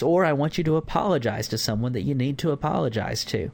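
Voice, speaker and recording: A man's voice: mid-range voice, lively intonation, fast, creaky, a little mellow. A man teaching a conversational Bible lesson to a church group, informal with fillers. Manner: informal, with fillers and acted-out examples.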